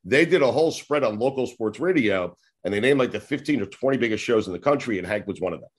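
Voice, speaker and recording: A New York man in his forties, a sports radio host, rambles through long stories in a casual interview. His mid-range voice is animated, quick and slightly rough, and he acts out old conversations and swears casually now and then.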